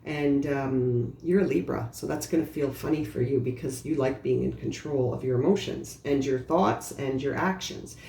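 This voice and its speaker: A woman's voice: a bass voice, moderate pace, gravelly, few pauses, dark tone. A woman giving an earnest, reassuring tarot reading, speaking directly to the listener in a casual way. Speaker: tarot reader. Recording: roomy echo with faint background noise.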